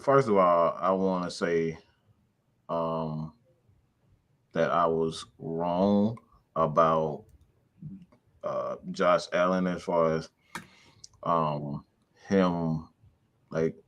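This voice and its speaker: A man with a very deep voice co-hosts a casual sports talk show. He speaks slowly and deliberately, repeating his point with rising emphasis. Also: fairly bright tone. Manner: deliberate, building to emphatic repetition. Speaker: podcast co-host.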